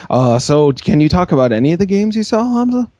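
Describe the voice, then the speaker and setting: A man hosting a casual comedy podcast, playful and quick to laugh, riffing on his co-hosts' jokes. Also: a little high, sing-song, warm tone, dull audio. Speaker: podcast host.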